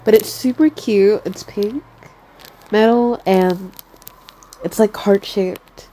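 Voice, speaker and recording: A woman's voice: mid-range voice, unhurried, warm tone. A young woman with a stuffy nose chatting casually to her listeners, giggly and swearing freely.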